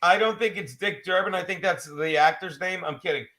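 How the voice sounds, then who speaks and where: A man's voice: high-pitched, brisk, sharp tone. A man on a casual livestream reading a news story aloud, breaking in with sarcastic asides and frequent swearing. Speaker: livestream co-host.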